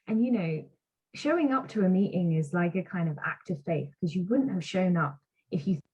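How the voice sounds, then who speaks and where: A woman's voice: on the low side, normal speed, a little mellow, husky. A woman co-hosting a podcast, speaking plainly and reassuringly, offering support to listeners. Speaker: podcast co-host. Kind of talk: casual recovery chat. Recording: dull lo-fi sound.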